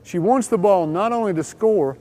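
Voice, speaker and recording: A man giving a scripted instructional voice-over for a training video, explaining each point in a measured way. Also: high voice, warm tone.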